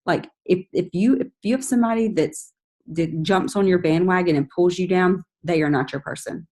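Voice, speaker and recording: Brief: woman, team leader, lower-pitched, motivational coaching call, lively and direct. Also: moderate pace. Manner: energetic, coaching, acts out chatty quotes in a higher voice. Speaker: team leader giving sales tips.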